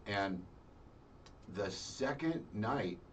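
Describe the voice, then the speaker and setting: Middle-aged guy on a radio show spinning a story, does the voices, lowish voice, mic kinda far off. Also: very slow. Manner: animated storyteller acting out quoted voices. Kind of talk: storytelling in casual chat. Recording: distant mic with faint noise.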